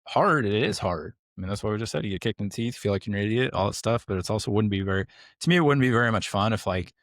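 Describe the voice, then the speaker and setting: A man's voice: fairly low pitch, rapid-fire, a bit bright, no echo. A man talks bluntly through a casual clinical discussion on a podcast. He keeps asking rhetorical questions and answering them himself. The sound is dry and close to the mic. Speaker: podcast host, clinic owner.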